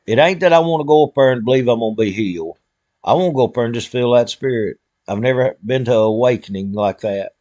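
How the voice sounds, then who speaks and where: A man's voice: medium pitch, fast talker, darkish tone, no echo, lo-fi sound. An older man, speaking an emotional, heartfelt prayer to his live-stream viewers in a folksy way.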